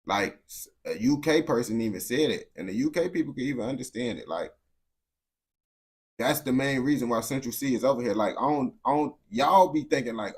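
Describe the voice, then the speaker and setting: A young American man holds forth to his live chat in a loose, unscripted rant. His speech is blunt and slangy, full of restarts, repeated words and a steady "bro". His pitch sits in an ordinary middle range. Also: fairly quick. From United States. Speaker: streamer talking to chat. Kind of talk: casual unscripted rant to viewers.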